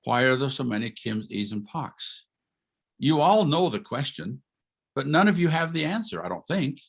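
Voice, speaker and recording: Gravelly older man lecturing over video call. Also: mid-range voice, normal speed. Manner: animated, asks rhetorical questions, chuckles, acts out quotes. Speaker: retired history professor giving a talk.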